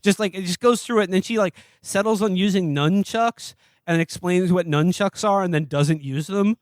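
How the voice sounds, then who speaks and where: Man, podcast co-host. Rambling, profane, sardonic; slightly high voice, dry close sound. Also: moderate pace, no echo. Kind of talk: casual comedic film review chat.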